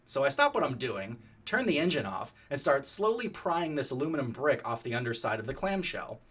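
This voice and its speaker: Animated casual male storyteller. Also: medium pitch, brisk, breathy edge. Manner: animated, profane, conversational.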